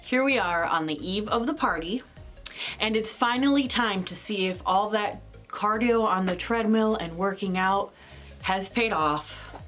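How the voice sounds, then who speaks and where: A woman's voice: mid-range voice, fairly bright tone. A young woman talking casually in a vlog, rambling with lots of fillers and a bit out of breath. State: out of breath on a treadmill. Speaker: vlogger. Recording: music playing behind.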